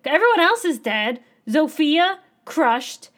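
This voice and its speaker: A woman co-hosting a casual podcast chat, animated and excitable, acting out lines as she talks. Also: sits high, slow. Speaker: podcast co-host. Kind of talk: casual chat about an anime episode.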